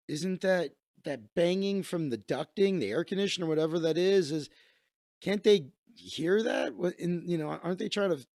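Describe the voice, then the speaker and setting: A man's voice: high-pitched, vocal fry, no room sound, studio quality. A man hosting a comedy show, telling a rambling story in a casual monologue with asides and laughter. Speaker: comedian host.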